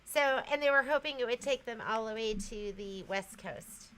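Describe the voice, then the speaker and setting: A woman's voice: a little high, normal speed, a bit bright, clean tone, poor audio. A woman hosting a casual livestream, chatting loosely and reading viewer comments aloud, often trailing off and restarting. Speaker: livestream host.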